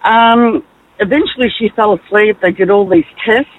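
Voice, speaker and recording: A woman calling in to a radio show to tell an animated story. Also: mid-range voice, moderate pace. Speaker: caller, former nurse. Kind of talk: telling a story. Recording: tinny phone line.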